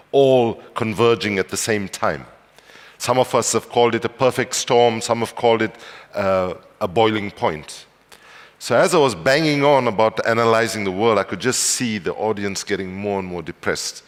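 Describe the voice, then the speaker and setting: A man from South Africa giving a conference speech, telling anecdotes with wry humor and building to emphatic passion. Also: fairly low pitch. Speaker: speaker. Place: large conference hall. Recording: long hall reverb.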